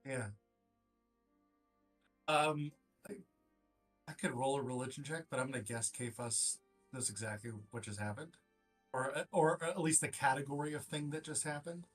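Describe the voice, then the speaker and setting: Halting man playing a tabletop game. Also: mid-range voice, soft background music. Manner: halting, many fillers. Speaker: player. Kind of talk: casual chat at a tabletop game.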